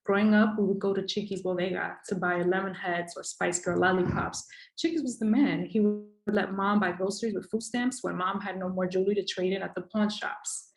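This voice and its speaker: A woman's voice: medium pitch, steady tone, fairly quick, gravelly, poor audio. A woman performing a rhythmic, emphatic spoken word poem with a repeated refrain. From the Bronx, New York.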